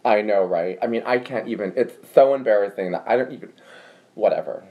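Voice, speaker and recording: A man's voice: fairly low pitch, brisk, muffled recording, voice pushed down, lightly acted. A man voicing a catty, gossipy teenage girl who rules her school clique, with a dismissive valley-girl drawl. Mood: catty gossip. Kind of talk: fan monologue reenactment.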